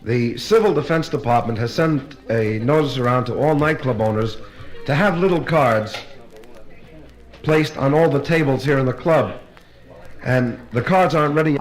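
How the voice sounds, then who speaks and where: A man telling jokes in a nightclub stand-up routine, with brisk punchline timing before a live audience. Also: on the high side. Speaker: stand-up comedian. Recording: live LP recording with distant crowd laughter.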